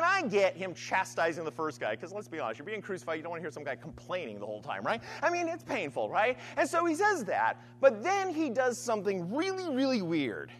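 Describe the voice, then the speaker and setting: Very animated conversational male preacher. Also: high voice, a little hiss or hum. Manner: conversational, keeps asking "right?"; animated storytelling. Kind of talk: sermon.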